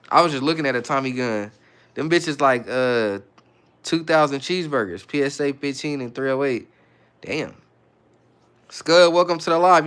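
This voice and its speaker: A man's voice: medium pitch, fairly bright tone, clear, resonant tone. A man from the Bay Area hosting a livestream, reading viewer comments aloud in a loose, slangy, muttering way. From San Francisco Bay Area. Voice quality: laid-back, slangy, mutters asides. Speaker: livestream host.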